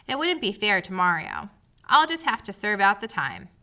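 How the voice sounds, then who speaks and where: Woman doing a male cricket, storybook, earnest, plain-spoken, bright, lively pitch. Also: normal speed.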